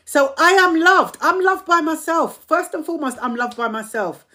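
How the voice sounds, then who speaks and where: A woman's voice: sits high, lively intonation, moderate pace, hardly any pauses, sharp tone. A woman hosting a motivational live stream, emphatically repeating affirmations to her community, her voice strained and tiring.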